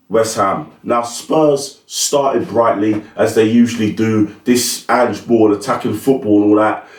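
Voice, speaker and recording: A man's voice: lowish voice, darkish tone. A man giving blunt, opinionated, slangy football commentary as host of his own channel. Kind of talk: casual solo commentary. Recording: roomy, mic at a distance.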